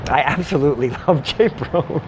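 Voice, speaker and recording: A man hosting a casual wrestling interview, excitable and laughing often. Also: on the high side, normal speed, a little hiss or hum. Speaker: interview host, wrestling commentator.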